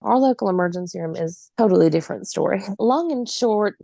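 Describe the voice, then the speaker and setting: A woman in her forties recounts her own story as a podcast guest. Her voice has a gravelly, fried edge, and her telling is vivid and emphatic, with the odd laugh. The recording is dry and close, with no room sound. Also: mid-range voice, expressive, brisk, warm tone, no echo.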